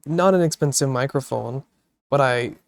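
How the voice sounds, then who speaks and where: A man's voice: mid-range voice, normal speed, gravelly. A man streaming late at night, drowsy and laid-back, chatting casually with viewers, swearing and laughing often, into a desktop mic. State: sleepy. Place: home streaming setup, seated. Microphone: desktop microphone through a mixer.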